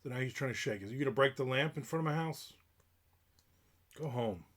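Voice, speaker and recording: A man's voice: mid-range voice, a little fast, a bit bright. A middle-aged man livestreaming, grumbling and ranting in casual chat about strangers near his house. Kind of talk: casual live-stream rant.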